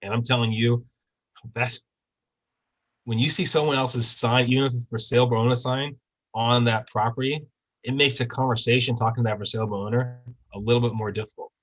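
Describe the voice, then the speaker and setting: A man's voice: mid-range voice, steady tone, a little fast, fairly bright tone, poor audio. A man giving a casual real estate training talk over a video call, often checking in with tag questions.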